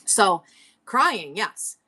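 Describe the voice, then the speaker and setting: A woman's voice: medium pitch, big pitch swings, drawn-out words, sharp tone, breathy edge. A middle-aged woman hosting a live selling stream, talking candidly and rambling with frequent laughs. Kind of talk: casual live-stream chat.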